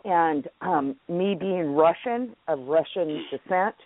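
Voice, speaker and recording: A woman's voice: fairly low pitch, slow. A woman hosting a casual radio talk show, chatty and rambling, laughing as she talks. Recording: phone-like radio audio.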